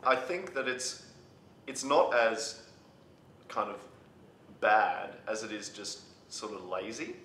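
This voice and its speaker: A man's voice: sing-song, slow pace, long pauses, a bit bright. A man reviewing a film in casual chat, talking in a hesitant way full of fillers. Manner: hesitant, filler-heavy summarizing. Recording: roomy room with faint rumble.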